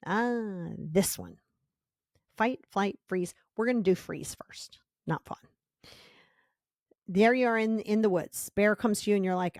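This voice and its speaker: A woman hosts a self-help podcast with an emphatic delivery. She repeats words for stress and breaks into quick acted-out voices. Her mid-pitched voice sits in a dry, close recording. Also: a little mellow, no room sound. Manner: emphatic, acts out little scenes in quoted voices. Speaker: podcast host.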